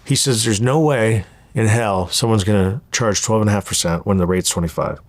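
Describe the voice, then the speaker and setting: Deep guy in his 30s telling his story, does everyone's voices, dry close mic. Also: moderate pace, no echo. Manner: animated storyteller acting out quoted dialogue. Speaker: interview guest. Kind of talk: storytelling interview.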